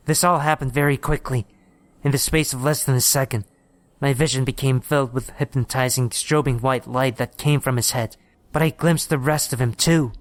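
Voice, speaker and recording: A man reading a horror story aloud in steady, measured scripted narration. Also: medium pitch, no room sound.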